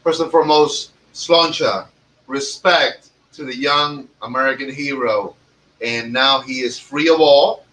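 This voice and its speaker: A man's voice: mid-range voice, steady tone, measured pace, bright, forceful tone. A man hosting a podcast, cracking profane jokes and ribbing his co-hosts in casual banter. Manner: brash, profane, joking banter. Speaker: podcast host. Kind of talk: casual comedic chat. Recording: voice a bit distant from the mic.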